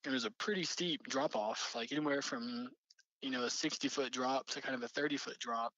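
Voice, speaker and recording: A man's voice: medium pitch, fairly quick, sharp tone, no room sound, muffled recording. Man telling a campfire tale. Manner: rambling, many fillers and restarts. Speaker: storyteller recounting an encounter. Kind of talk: casual spoken storytelling.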